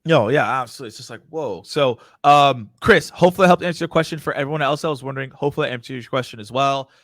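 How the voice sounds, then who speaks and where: A man hosting a sales workshop, giving advice in an energetic, joking, emphatic way. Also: mid-range voice, rapid-fire, no room sound, clean studio sound. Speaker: host. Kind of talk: casual webinar advice chat.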